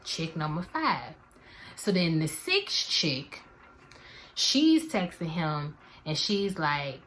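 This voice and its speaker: A woman's voice: low-pitched, big pitch swings, slow pace, fairly bright tone, a little hiss or hum. A young woman in her twenties, chatting animatedly to viewers in a slangy storytime vlog. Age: 20s. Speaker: vlogger.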